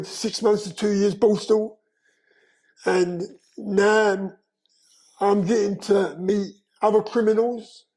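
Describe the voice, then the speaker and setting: An older man, slowly and earnestly telling his life story in an interview, with frequent "you know". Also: high voice, dark tone, low-quality recording. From London, England. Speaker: guest.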